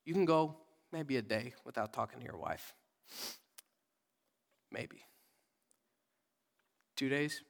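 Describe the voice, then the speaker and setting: A young man preaching a sermon in casual, conversational words, swinging from loud readings to soft whispered asides. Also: mid-range voice, takes it slowly, creaky, long pauses, big-room sound. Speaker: pastor. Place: church sanctuary.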